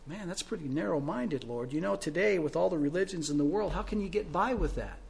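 A male pastor preaching a sermon, telling stories and asking rhetorical questions, swinging between loud and soft. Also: fairly high pitch, lively intonation, brisk, vocal fry, hardly any pauses.

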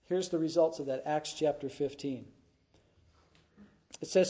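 A man's voice: fairly high pitch, level tone, moderate pace, warm tone. A man, a pastor, preaching through a scripture passage and often checking in with his congregation with "huh?" and "right?". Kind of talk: expository sermon.

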